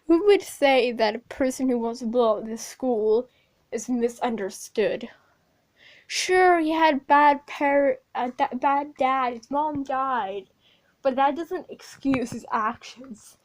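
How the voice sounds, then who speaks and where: High-voiced woman recapping casually. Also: slow, rough recording. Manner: rambling, informal, swears, many fillers. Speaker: video creator. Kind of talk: casual plot recap over a speedpaint.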